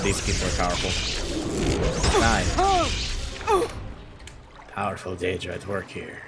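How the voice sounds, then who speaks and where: A man streaming a game, rambling and reacting loudly to surprises in casual commentary. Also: fairly low pitch. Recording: game music behind voice.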